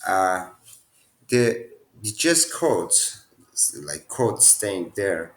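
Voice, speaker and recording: A man's voice: sits low, very animated, drawn-out words, a little hiss or hum. A young man with non-native phrasing, casually talking through programming quiz answers at his computer. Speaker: programming teacher. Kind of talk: casual screen-share tutorial.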